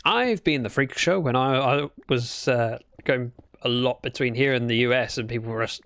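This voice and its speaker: Barely pausing, a British man keeps up casual, playful gameplay chat on a livestream, rambling and correcting himself as he goes. His mid-range voice is a bit bright and at normal speed, with no room sound.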